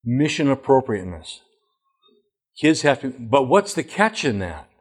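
A man's voice: medium pitch, big pitch swings, measured pace, breathy edge. A middle-aged man, a former school principal, giving a plain-spoken presentation full of emphatic anecdotes.

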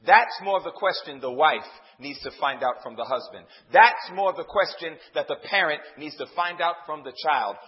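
A male preacher delivering a sermon. He calls out questions to the congregation and swings from loud, emphatic lines to low, hushed ones. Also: expressive, moderate pace, few pauses. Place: church service before a congregation. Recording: dull lo-fi sound.

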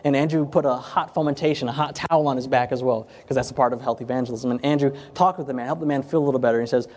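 A man's voice: medium pitch, fairly even intonation, racing, hardly any pauses, a little mellow. A man giving an informal health ministry talk to a group, telling stories in a conversational way and often repeating and restarting phrases. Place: room with chairs before a group. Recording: long hall reverb.

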